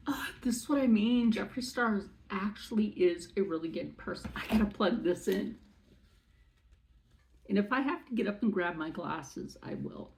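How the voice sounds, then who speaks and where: A woman chatting through a makeup unboxing, excitable and rambling, with many asides. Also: mid-range voice, moderate pace, low-quality recording. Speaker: beauty vlogger. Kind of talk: casual unboxing chat.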